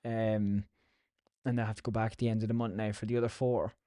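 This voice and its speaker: A podcast host from Ireland tells rambling, casual stories laced with swearing. His voice is on the low side, warm and level in tone, a little fast, and recorded in studio quality with no echo.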